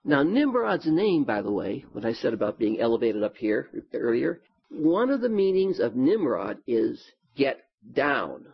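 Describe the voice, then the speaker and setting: Animated, husky-voiced male Bible teacher. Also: medium pitch, unhurried. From United States. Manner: animated, folksy, lively asides. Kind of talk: sermon. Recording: dull lo-fi sound.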